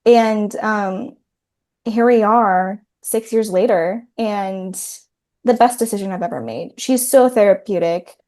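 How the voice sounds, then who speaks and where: A woman chatting casually as a podcast guest over a video call, sprinkling her talk with "like" and "um". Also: medium pitch. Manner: chatty, warm toward her dog, frequent "like" and "um". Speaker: podcast guest, content creator. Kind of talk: casual interview chat.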